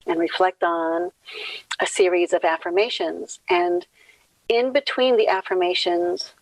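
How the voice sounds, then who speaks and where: Low gravelly woman guiding meditation. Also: no room sound, low-quality recording. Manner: gentle, unhurried, counts breaths slowly. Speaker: minister leading meditation. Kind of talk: guided meditation.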